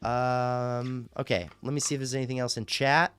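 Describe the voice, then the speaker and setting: Smooth-voiced rambling streaming host. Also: male voice, medium pitch, fairly quick, hardly any pauses, no echo, faint music behind. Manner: rambling, profane, answers chat. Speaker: radio show host. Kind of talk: casual livestream chat.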